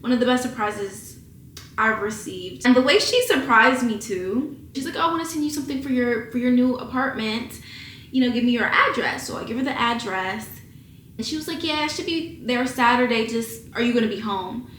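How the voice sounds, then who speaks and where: A woman's voice: a little high, moderate pace, fairly bright tone, roomy sound, slight background noise. A woman in her twenties giving a candid, emotional big-sister pep talk at home, with some casual swearing. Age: 20s. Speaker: vlogger. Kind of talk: casual chat to camera. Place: at home, indoors.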